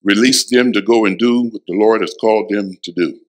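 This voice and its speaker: A man preaching a sermon as pastor in a church, emphatic, dropping to a hush and rising again, repeating lines for effect. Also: on the low side, a little fast, poor audio. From Florida. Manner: emphatic preaching, swings from hushed to loud. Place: church sanctuary.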